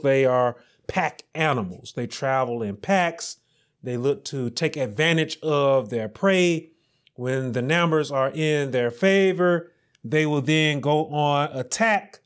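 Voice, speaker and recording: A man preaching a sermon as pastor, slowly and emphatically, repeating key phrases and rising on scripture. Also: on the high side.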